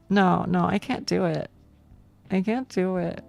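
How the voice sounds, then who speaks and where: A woman's voice: on the low side, steady tone, measured pace, vocal fry, darkish tone, faint music behind. A young woman streaming, chatting casually with viewers, rambling and swearing with frequent laughs.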